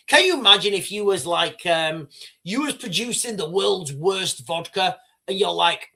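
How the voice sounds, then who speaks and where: A British man hosting a livestream, rambling and animated as he talks straight to his viewers. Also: high voice, moderate pace, creaky. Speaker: livestream host. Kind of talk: casual live commentary.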